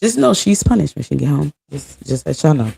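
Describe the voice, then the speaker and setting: A woman's voice: sits low, sing-song, brisk, vocal fry, mellow, breathy edge. A woman in her thirties ranting to her viewers in a casual vlog, blunt and heavy on profanity. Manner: blunt, profane, venting angrily. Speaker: vlogger.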